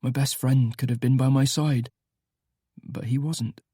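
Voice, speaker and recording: A man giving soft, wistful first-person audiobook narration. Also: medium pitch, fairly even intonation, unhurried, slightly rough, dry recording, studio quality.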